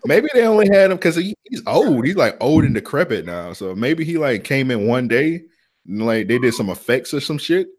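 A man with a mid-pitched voice that moves a lot in pitch, dropping wry guesses and asides into a casual podcast chat. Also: sing-song, normal speed. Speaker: podcast co-host.

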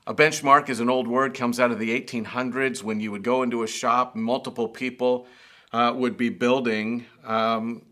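A man's voice: medium pitch, level tone, moderate pace, sharp tone. A man preaching a sermon, telling stories and building to emphatic, raised passages. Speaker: pastor.

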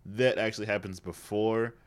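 A man co-hosting a casual chat, laid-back and quick to react. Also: fairly low pitch, fairly even intonation. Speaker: podcast co-host.

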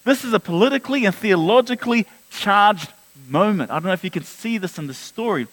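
High-voiced preaching man. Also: expressive, brisk, a bit bright, rough recording. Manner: earnest preaching, rising and dropping, repeats words. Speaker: pastor. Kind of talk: sermon.

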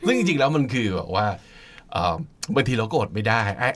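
A man hosting a casual podcast chat, reading out list items and switching quickly into commentary. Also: mid-range voice, very animated, fairly bright tone. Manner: very fast-talking, reads out list items. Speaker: host.

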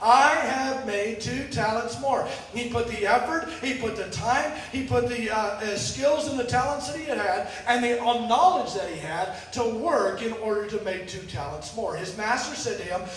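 A man preaches with a high-pitched voice in a church. His voice booms back off the walls from a distance, with a faint hiss of room noise under it. He restarts his phrases often and swings from loud outbursts to near murmurs. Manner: storytelling, animated with sudden shouts and quiet drops; repeats words and restarts often. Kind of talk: sermon. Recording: echoey hall from far off.

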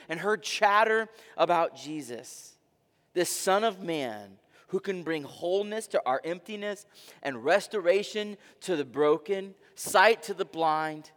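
A man pastor preaching a dramatic sermon, with rhetorical questions and swings between soft and loud delivery. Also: sits high. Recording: long reverb of a large hall.

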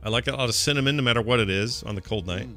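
A man's voice: medium pitch, very fast, a bit bright, soft background music. A man co-hosting a podcast in casual chat, reading out listener questions. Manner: chatty, reads listener questions. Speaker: podcast co-host.

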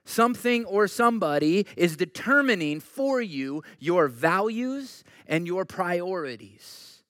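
High-voiced pastor preaching in a dry room. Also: male voice, no room sound. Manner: conversational, shifts between animated asides and quiet earnest questions. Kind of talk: sermon.

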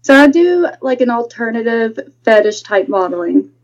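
A woman's voice: fairly high pitch, very animated, moderate pace. Bubbly Southern woman on a dull line. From West Virginia. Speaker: guest model. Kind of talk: casual interview.

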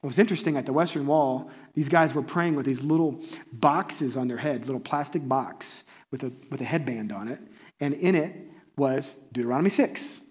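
A man preaching a sermon in a conversational, animated way, often checking in with listeners. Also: mid-range voice, normal speed. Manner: conversational, animated, often asks the audience "right?". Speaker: pastor.

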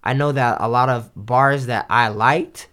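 A man in a casual chat about hip-hop, talking in a rambling, halting way with many restarts and fillers. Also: mid-range voice, a bit bright.

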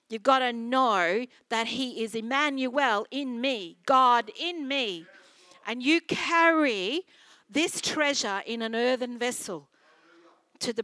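An Australian woman pastor delivers an earnest sermon, telling stories and circling back to the same phrases. Her voice sits a little high and rings bright and forceful. It is recorded dry, with almost no room sound. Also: dry recording. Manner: earnest, storytelling with repeated phrases.

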